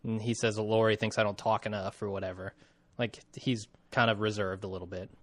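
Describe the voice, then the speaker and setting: A man's voice: fairly low pitch, level tone, brisk, dry recording. A man co-hosting a podcast in casual chat, easygoing and a little hesitant. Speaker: podcast co-host.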